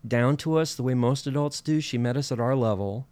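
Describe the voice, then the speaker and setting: A man's voice: mid-range voice, darkish tone, clean tone, no room sound. A man from northern Minnesota, a podcast guest telling a story in casual chat with many fillers and restarts. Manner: halting, many fillers and restarts, laughs often.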